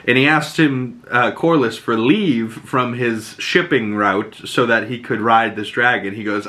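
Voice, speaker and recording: A man recapping a tv episode for his podcast, excitable and loose, swearing as he goes, with a bright, forceful voice that pushes every point along. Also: mid-range voice, measured pace. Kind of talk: casual recap chat.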